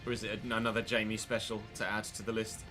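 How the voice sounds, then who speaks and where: A man's voice: fairly low pitch, little pitch movement, fast talker, bright, forceful tone, faint music behind. A young man commentating his football video game live, chatty and thanking viewers by name between plays. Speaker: gaming streamer.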